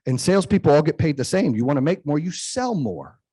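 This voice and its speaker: A man's voice: on the high side, very animated, brisk, dark tone, breathy edge, no echo. A man in his forties, host of a business talk show, telling personal stories in an emphatic, conversational way and often asking "right?". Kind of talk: motivational storytelling.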